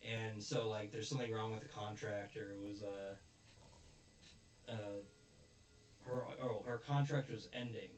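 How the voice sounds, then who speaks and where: A young man casually recapping an anime episode, rambling with fillers and quick quoted asides. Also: lowish voice, steady tone, slight background noise. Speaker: anime reviewer. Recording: roomy echo, distant mic, faint ambience.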